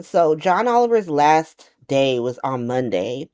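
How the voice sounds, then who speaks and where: A woman giving a casual, slangy recap to camera, animated and profane, often laughing and slipping into quick playful voices. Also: sits low. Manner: does quick playful voices for quoted characters. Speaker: soap opera recap vlogger.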